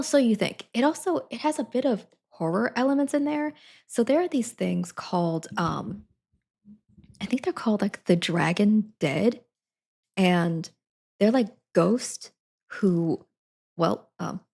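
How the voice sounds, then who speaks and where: Woman, live streamer, casual rambling chat, husky breathy tone, medium pitch, giggly. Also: animated, a little slow, darkish tone. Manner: chatty, giggles between sentences. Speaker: Twitch streamer.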